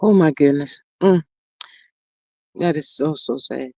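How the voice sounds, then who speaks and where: A woman's voice: deep voice, takes it slowly, warm tone, no echo. A woman hosting a live stream, reading viewers' comments aloud in a folksy, sighing way and calling them "child" and "y'all". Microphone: streaming setup. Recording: dry, dull lo-fi stream audio.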